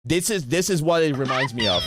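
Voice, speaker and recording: A man's voice: fairly high pitch, lively intonation, fairly quick, very noisy. A man streaming a watch party who rants in casual chat, swearing often and repeating himself. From Bosnia.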